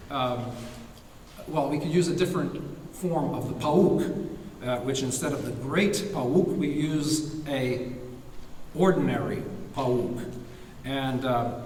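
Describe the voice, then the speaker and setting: A man giving an academic lecture, halting with fillers and restarts, now and then singing a short chant phrase. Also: mid-range voice, darkish tone, slight background noise. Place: lecture hall. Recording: echoey hall recorded from far off.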